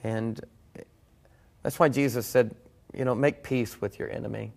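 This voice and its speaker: Gravelly, earnest man. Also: mid-range voice, steady tone, unhurried, a little mellow. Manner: earnest, reflective storytelling with restarts. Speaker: guest preacher. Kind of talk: personal testimony in conversation.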